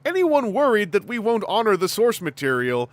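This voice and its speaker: A man's voice: high-pitched, big pitch swings, moderate pace, voice pushed up. A man voicing a snobby Hollywood screenwriter with an affected posh, moneyed drawl. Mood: smug, breezy.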